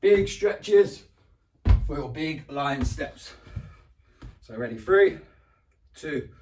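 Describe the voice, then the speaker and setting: Extremely slow and expressive, with a slightly mellow voice, an English primary school PE teacher runs a home PE lesson for young children. He encourages them, counts down, praises them often and makes roars, squeaks and animal noises. The recording has slight background noise, echo and a distant mic.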